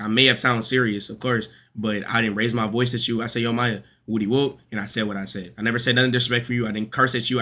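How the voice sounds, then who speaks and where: A man's voice: medium pitch, pushed and bright. A young man in a heated group discussion, insisting on his side with repeated calls to listen and casual swearing. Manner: emphatic, repeats "listen" to hold the floor, swears.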